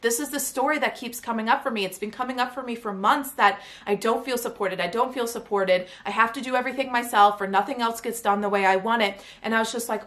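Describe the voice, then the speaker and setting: A woman tells a personal story on her own podcast. Her voice sits a little high, and she talks in a chatty, animated way, full of "like" and "right?" asides. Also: fairly quick. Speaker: podcast host and coach. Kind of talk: casual storytelling monologue.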